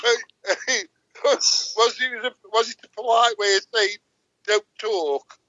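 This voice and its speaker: A man on a game stream's voice call, teasing and laughing along. His voice sits high and sounds bright. The call audio is dull and lo-fi. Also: steady tone, unhurried, no room sound. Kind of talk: casual chat on a voice call.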